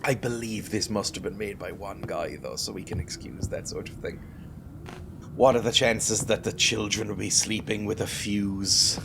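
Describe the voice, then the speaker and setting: A man's voice: lowish voice, normal speed, gravelly, background noise. A man giving wry, joking commentary as he plays a game, talking to the game and to viewers. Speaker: gaming video host. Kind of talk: casual let's-play commentary.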